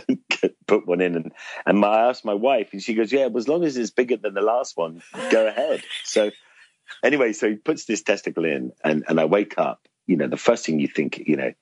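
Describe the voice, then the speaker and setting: A man's voice: deep voice, slightly rough, no room sound. A middle-aged man telling a rambling, self-deprecating story in an interview, laughing often. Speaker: interview guest. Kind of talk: casual anecdotal storytelling.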